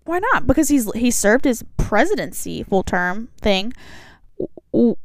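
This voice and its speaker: A woman's voice: a little high, lively intonation, unhurried, dry recording. A young woman co-hosting a podcast in playful, jokey casual chat. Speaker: podcast co-host.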